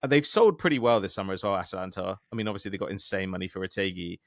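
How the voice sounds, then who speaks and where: An English man co-hosting a podcast in casual chat, wry and joking in a relaxed way. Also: low-pitched, very fast, no room sound, studio quality. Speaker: podcast co-host.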